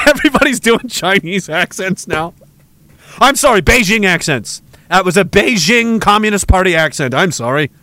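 A man's voice: sits high, expressive, moderate pace, bright, forceful tone, no room sound. A man from Canada hosting a livestream, ranting sarcastically and with a lot of profanity, reading chat and laughing often. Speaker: livestream host.

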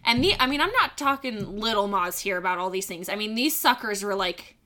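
A woman co-hosting a podcast, telling animated stories with frequent laughs and acted-out shrieks. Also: mid-range voice, fairly quick. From Pacific Northwest. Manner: animated storyteller, acts out shrieks and laughs often. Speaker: podcast co-host. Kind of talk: casual storytelling chat.

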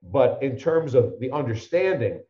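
A man's voice: medium pitch, sing-song, normal speed, warm tone, roomy sound, dull audio. A man in his fifties telling long anecdotes in conversation, acting out the people he quotes. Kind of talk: conversational storytelling.

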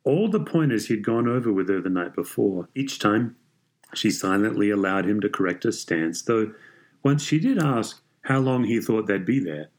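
A man reading a story aloud in a measured, even way. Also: fairly low pitch. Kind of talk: scripted story narration.

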